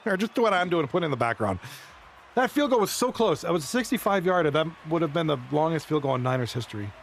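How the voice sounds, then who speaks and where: A man chatting casually on a live stream, rambling and excitable as he talks with viewers. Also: fairly high pitch, quick pace, slight background noise. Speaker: live streamer and league commentator.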